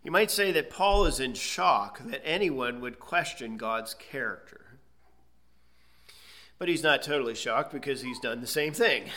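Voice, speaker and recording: Delivering expository preaching, this male pastor speaks at a medium pitch with a sharp edge to his tone. He drives his teaching home with emphasis and rhetorical questions.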